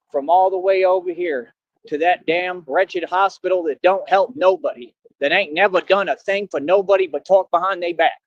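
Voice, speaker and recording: A man in an impassioned streamed rant, preachy and defiant, swinging between shouting and low brooding. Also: no room sound. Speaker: livestreamer. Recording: dry, dull lo-fi stream audio.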